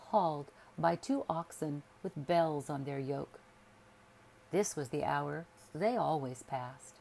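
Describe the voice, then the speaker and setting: A woman reading a literary story aloud as a sleep story narrator, in a soothing, measured way. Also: low voice, gravelly, dark tone, a little hiss or hum.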